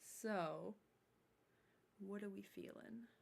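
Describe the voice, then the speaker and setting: A woman's voice: mid-range voice, extremely slow, creaky, a little hiss or hum. Chatty woman hosting a livestream. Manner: chatty, swears casually, laughs often. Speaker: livestream host. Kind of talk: casual livestream chat.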